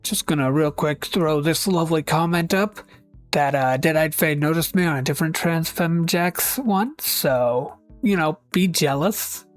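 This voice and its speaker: A woman giving casual commentary on fan posts with wry, deadpan asides and quick switches into character voices. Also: sits low. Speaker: video essayist reading fan posts. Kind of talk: casual scripted commentary with skits. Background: faint background music.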